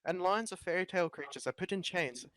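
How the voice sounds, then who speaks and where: A man's voice: sits high, fast talker, a bit bright, no echo, studio quality. A young man reading a film script aloud to friends over voice chat, with joking asides and laughs. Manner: reads with joking asides and laughs, half-hearted character voices.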